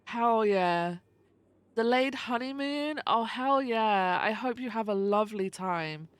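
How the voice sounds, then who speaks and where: A young woman livestreamer with a fairly high voice talks loosely with her chat, greeting viewers one by one and dropping swear words without a second thought. The recording is dry and close, with no room sound around her. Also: lively intonation, takes it slowly, smooth, no echo. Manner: chatty, swears freely, reads and greets chat.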